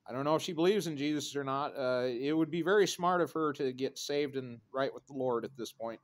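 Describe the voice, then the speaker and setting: A man in his thirties rambling through a profane, sardonic vlog rant with dark jokes. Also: mid-range voice, a little fast. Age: 30s. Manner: sardonic, profane, darkly joking. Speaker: vlogger.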